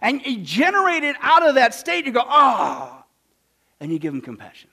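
A man from Kansas preaching a sermon, animated, swinging between loud bursts and hushed asides and acting out the people he quotes. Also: very high voice, quick pace. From Kansas, USA. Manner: acts out quoted voices.

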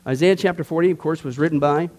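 A man's voice: a little high, fast, a little mellow. A man teaching a Bible study class in a casual, emphatic way, cracking jokes and asking the group questions.

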